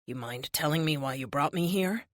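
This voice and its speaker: A woman's voice: fairly low pitch, sing-song, normal speed, no room sound, studio quality. A woman voicing a ruthless female vigilante who speaks in a cold, emotionless, defiant way.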